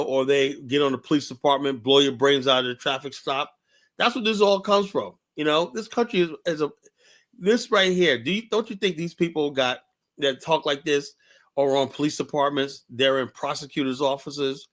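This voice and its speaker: A man's voice: a little high, fairly bright tone. A man hosting a reaction commentary stream, talking emphatically and repeating his points. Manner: emphatic, repetitive. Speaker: host.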